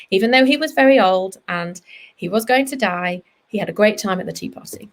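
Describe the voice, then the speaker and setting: A woman vet giving a gentle, reassuring lesson to children, talking straight to them in an earnest way. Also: fairly high pitch. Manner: soft, reassuring and earnest, talks straight to kids.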